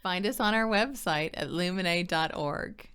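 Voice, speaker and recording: A woman's voice: fairly low pitch, a little slow, fairly bright tone, smooth. A middle-aged woman, director of a counseling center, giving friendly, chatty parenting advice to the camera in an upbeat way. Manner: chatty, upbeat, acts out quoted dialogue, laughs easily.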